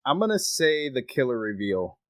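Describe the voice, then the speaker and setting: A man's voice: medium pitch, very animated, moderate pace, fairly bright tone, dry recording, studio quality. A man co-hosting a casual podcast, laid-back, laughing and swearing. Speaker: podcast co-host. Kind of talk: casual horror movie chat.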